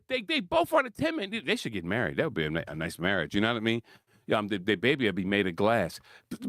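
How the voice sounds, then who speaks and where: A man with a high, lively voice delivers a heated solo sports rant, swinging widely in pitch as he laughs and hammers his points home. The sound is close and dry, with no room around it. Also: no echo. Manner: animated, laughs often, repeats points for emphasis. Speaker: sports commentary host.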